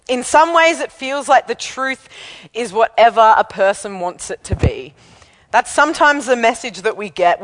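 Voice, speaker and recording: Woman, preacher, higher-pitched, chatty, candid, evening sermon. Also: fairly bright tone, big-room sound. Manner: chatty and candid, laughs at herself. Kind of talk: evening sermon with personal story.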